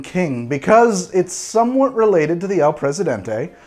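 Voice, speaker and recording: A man's voice: high voice, sing-song, moderate pace, few pauses, a little mellow, soft background music. A man hosting a cocktail show, chatting casually and rambling with restarts and self-deprecating jokes. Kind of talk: casual tasting commentary.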